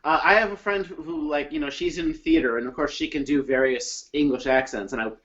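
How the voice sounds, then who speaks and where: A man's voice: on the high side, fairly quick, a bit bright, muffled recording. Eager Midwestern American man. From Michigan, USA. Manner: eager, enthusiastic. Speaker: podcast guest, fan. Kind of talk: casual video-call chat.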